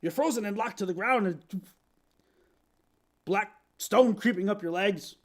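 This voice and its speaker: A man narrating as guest game master of a tabletop game, animated and laughing, with halting restarts. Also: sits high.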